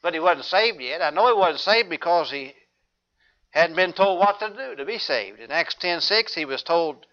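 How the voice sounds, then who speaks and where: A man preaching a sermon in an earnest, measured way, citing scripture. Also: a little high, expressive, bright, forceful tone. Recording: dull lo-fi recording.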